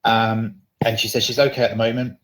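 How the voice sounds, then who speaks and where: A man co-hosting a web show, reading out viewer comments in a steady, matter-of-fact way. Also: fairly low pitch, a little fast, faint music behind, rough recording. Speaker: co-host.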